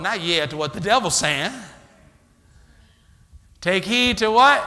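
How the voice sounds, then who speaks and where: Lively preacher in a reverberant church hall. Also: male voice, sits high, normal speed, long pauses. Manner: call-and-response preaching, acting out church members. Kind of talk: sermon. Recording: live church recording with long hall reverb.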